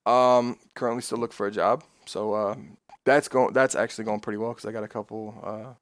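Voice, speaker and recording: A man chatting casually on his stream, rambling and swearing freely, getting excitable as he tells stories. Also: lowish voice, fairly quick, no room sound.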